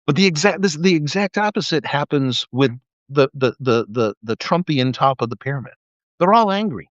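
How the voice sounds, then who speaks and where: A man's voice: fairly high pitch, moderate pace, dry recording. A middle-aged man talking casually on a live stream, telling stories and acting out quoted people in a raised voice. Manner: animated storytelling, acts out quotes in a raised voice. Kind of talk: casual monologue. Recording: slightly dull lo-fi sound.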